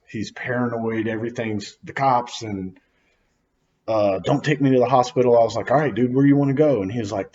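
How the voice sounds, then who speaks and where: A man telling a personal story in casual slangy speech, acting out quoted lines with sudden loud outbursts. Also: lowish voice, lo-fi sound, a little hiss or hum.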